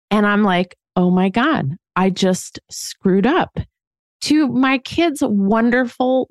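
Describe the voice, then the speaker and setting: A woman in her 40s with a mid-range voice co-hosts a podcast, telling a story candidly in casual chat. She mocks herself and laughs at herself often. The studio sound is clean, with no echo.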